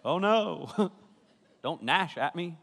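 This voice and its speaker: A man's voice: fairly high pitch, lively intonation, extremely slow, creaky, fairly bright tone. A youth pastor giving a joking, playful sermon in a church hall, often laughing and acting out his listeners' reactions. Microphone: filmed by a camera crew.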